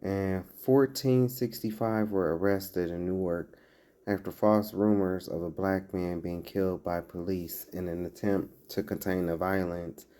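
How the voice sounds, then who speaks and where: A man's voice: sits low, fairly even intonation, measured pace, warm tone. A man giving casual commentary as he reads out a list, breaking off into sarcastic asides and chuckles.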